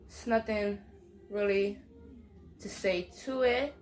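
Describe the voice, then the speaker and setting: A young woman, telling a story to camera in an animated, profane, slang-heavy way. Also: medium pitch, slow, a little hiss or hum. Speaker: vlogger. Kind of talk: storytime monologue.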